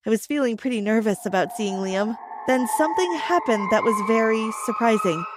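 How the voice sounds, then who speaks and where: Woman narrator, animated storytelling, slightly high voice, background music. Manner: animated first-person storytelling.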